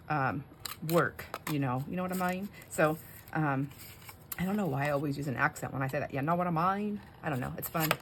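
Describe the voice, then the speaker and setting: A woman with a low, deep voice chats loosely through her crafting, trailing off into fillers as she works. Faint background noise sits under her voice in a home craft room. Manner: rambling, chatty, with many fillers. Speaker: craft channel host. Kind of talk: casual craft chat.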